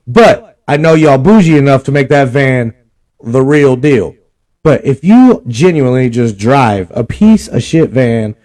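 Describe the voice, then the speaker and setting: A man's voice: medium pitch, dark tone. A young man, ranting and cussing in a casual vlog. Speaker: vlog host. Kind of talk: casual profane rant.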